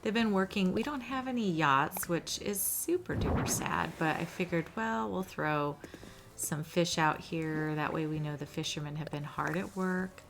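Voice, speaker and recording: A woman's voice: lowish voice, moderate pace, creaky, background noise. A young woman hosting a gaming channel, giving casual, chatty commentary over her gameplay in a cozy way. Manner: chatty and cozy, often says "little". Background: background music.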